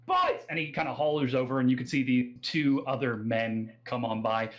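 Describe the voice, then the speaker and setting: A man with an Australian accent narrating a tabletop game as game master, pausing often with fillers. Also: medium pitch, fairly even intonation, poor audio. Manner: hesitant, many fillers and restarts.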